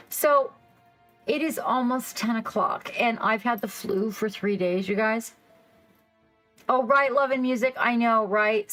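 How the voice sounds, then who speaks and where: A woman hosting a casual livestream, rambling excitedly and reacting to her chat. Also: fairly high pitch, poor audio. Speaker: livestream host. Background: faint background music.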